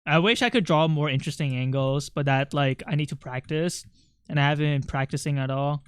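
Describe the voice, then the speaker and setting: The sound here is dry and close, without any echo or room. A streamer with a smooth, clean, mid-pitched voice chats casually while drawing, cracking jokes, apologizing quickly, and regularly making fun of their own drawings.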